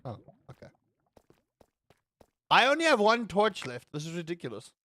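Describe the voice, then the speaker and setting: A man's voice: high voice, wildly swooping pitch, moderate pace, sharp tone, no echo, clean studio sound. A man streaming a game with casual, chatty commentary, joking and swearing freely as he talks to his viewers. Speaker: gaming streamer.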